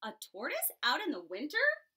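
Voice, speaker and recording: A woman's voice: sits high, huge pitch swings, moderate pace, pushed and bright, full character voice. A woman voicing a mocking duck, dog, cat and bird in a storybook, taunting and scornful. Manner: taunting, scornful, jeering laugh.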